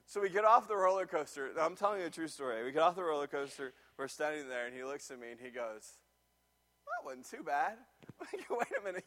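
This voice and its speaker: A middle-aged man, preaching a sermon and telling a personal story, animated and full of restarts. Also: fairly high pitch. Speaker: pastor.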